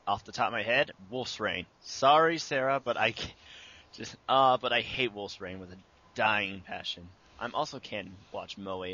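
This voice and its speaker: A man's voice: lowish voice, pushed and bright, dull audio. A young man answering interview questions about making his abridged series, casual and rambling with many fillers.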